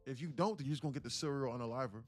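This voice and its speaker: Slangy animated male trading streamer. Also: very fast, soft background music. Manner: animated, acts out little scenes with voices, slangy; drops to a low mutter when reading the chart. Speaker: day-trading livestream host. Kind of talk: casual livestream talk.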